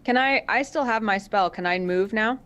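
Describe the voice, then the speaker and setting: A woman playing a tabletop game, chatting quickly and teasing the others. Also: mid-range voice, a bit bright, smooth. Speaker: player. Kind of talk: casual tabletop game chat.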